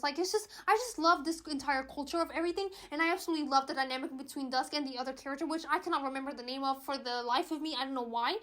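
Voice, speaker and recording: A woman's voice: sits high, fast talker, a bit bright. A woman from Portugal reviewing books in a casual vlog, chatty and emphatic, often repeating herself. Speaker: book reviewer.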